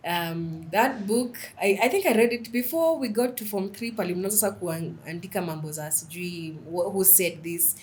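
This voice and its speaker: A young woman talks in a lively, animated way, her voice sitting a little low for a woman. She chats casually as a guest and tells stories with relish. Faint noise hums behind her. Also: normal speed, hardly any pauses, low-quality recording. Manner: lively, animated storytelling, mixes in Swahili phrases. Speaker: podcast guest, writer. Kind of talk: casual interview chat.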